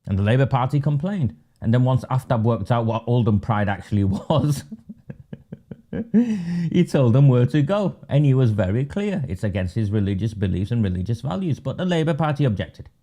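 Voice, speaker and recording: Brief: animated, sarcastic male webinar host with a mid-range voice. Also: medium pitch, normal speed. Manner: sarcastic, mocking. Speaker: webinar host and political campaigner. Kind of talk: live webinar commentary.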